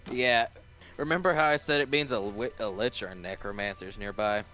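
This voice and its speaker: A young man with a bright, clear voice is running a tabletop game as dungeon master. He chats casually and easily through turns and rules, and faint music plays in the background. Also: lowish voice, a little fast.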